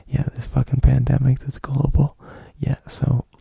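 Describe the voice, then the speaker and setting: Young male podcast host, rambling profane storyteller; deep dark tone, dry close sound. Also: monotone, normal speed, vocal fry, breathy edge, dry recording. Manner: rambling, profane, loose delivery with many fillers. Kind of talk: casual storytelling.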